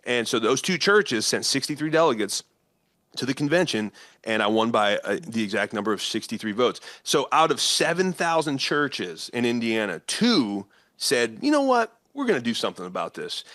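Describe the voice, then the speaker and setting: A man's voice: medium pitch, sing-song, moderate pace, fairly bright tone, no echo, studio quality. A man with a Midwestern American accent, telling a story as a guest in an interview, acting out quoted voices and laughing often. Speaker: guest, politician and former pastor. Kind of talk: animated storytelling in conversation.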